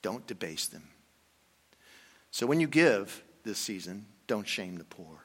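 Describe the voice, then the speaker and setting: An older man preaching a conversational sermon, telling a story and dropping into quiet asides. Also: fairly low pitch, very animated, a little slow, long pauses. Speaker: pastor. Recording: long reverb from a hall.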